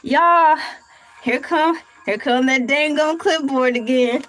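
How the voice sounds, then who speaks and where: On a rough recording, a woman with a high, slightly bright voice hosts a casual livestream. She reads a recipe aloud slowly, then riffs on it with playful, rambling jokes and asides.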